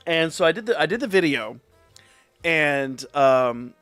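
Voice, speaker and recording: A man's voice: a little high, lively intonation, a little slow, a bit bright, no room sound, faint music behind. Profane, rambling man telling a story. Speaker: streamer. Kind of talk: casual live-stream storytelling.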